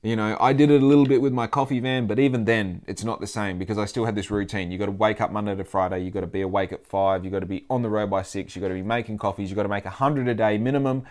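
A man's voice: on the low side, fairly even intonation, rapid-fire, hardly any pauses, darkish tone. A man with an Australian accent talking casually in a rambling monologue, swearing freely and acting out the people he quotes.

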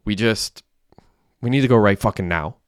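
A man's voice: on the low side, moderate pace, clear, resonant tone, dry recording, clean studio sound, natural voice. A man voicing a desperate young male criminal who talks in an urgent, raw way. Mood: tense.

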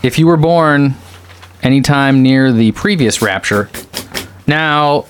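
A man's voice: medium pitch, clear, resonant tone. A young man hosting a talk radio show, joking and teasing his co-hosts in casual banter. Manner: joking, teasing, quick asides.

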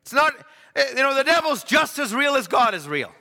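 A man preaching a sermon in a high, bright, ringing voice. He grows impassioned and swells to shouts at the big moments, while a long reverb from the church hall trails behind every phrase. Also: very animated, a little fast, vocal fry. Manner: impassioned, rises to shouts at climaxes.

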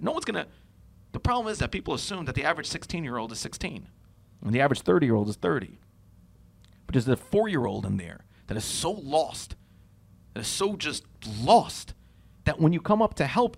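A young man hosting a casual podcast conversation, telling stories in a lively way and acting out the dialogue. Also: on the high side, a little fast, creaky. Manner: animated storyteller, acts out dialogue.

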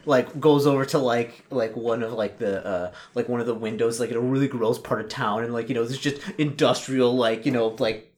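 A man's voice: medium pitch, fairly even intonation, fairly quick, a little mellow, a little hiss or hum. A man running a tabletop game as game master, narrating casually in a rambling way full of fillers and restarts. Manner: rambling, filler-heavy, laughs often.

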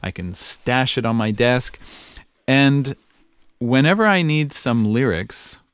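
A man's voice: mid-range voice, lively intonation, slow pace, fairly bright tone, clear, resonant tone, dry recording, studio quality. Thoughtful male ukulele teacher, musing aloud. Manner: musing, thinks aloud with fillers, hums and sings snippets. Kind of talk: relaxed demonstration lesson.

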